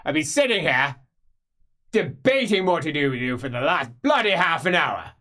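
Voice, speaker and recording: A man voicing an old, bitter wizard master who shouts and swears in a high, strained voice. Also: slow, exaggerated voice. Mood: angry ranting.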